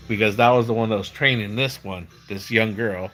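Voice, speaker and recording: A man's voice: on the low side, fairly quick, few pauses, a bit bright, a little hiss or hum. A middle-aged man hosting his own livestream, telling stories in a loose, rambling way with many restarts. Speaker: livestream host. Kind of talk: casual livestream chat.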